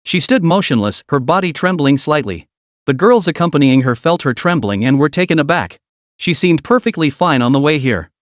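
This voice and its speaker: A man narrating a scripted story recap in an even, smooth storytelling delivery. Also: a little high, normal speed, dry recording, clean studio sound.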